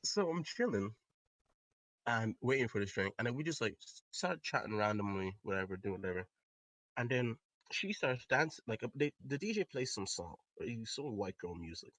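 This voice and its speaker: A young man telling a story in a casual podcast chat, animated and swearing, with loud outbursts. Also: on the low side, moderate pace, no room sound. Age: young adult. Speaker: podcast co-host.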